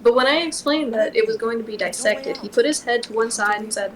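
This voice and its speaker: A woman's voice: a little high, a little fast, poor audio. A woman streamer reads a novel aloud at her microphone and breaks off now and then with wry asides. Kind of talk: casual reading aloud on a livestream.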